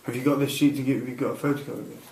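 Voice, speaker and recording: A man's voice: medium pitch, little pitch movement, rapid-fire, a crowd in the background. A man, a student in a Talmud class, asking short questions from the floor. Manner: brief questions and replies from the floor. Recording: echoey study hall, off-mic.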